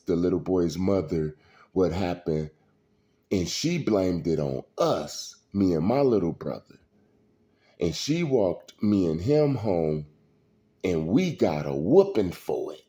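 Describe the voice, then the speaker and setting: Slow deep-voiced man telling stories. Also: expressive, mellow. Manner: slow, preachy street storytelling. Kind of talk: casual storytelling monologue.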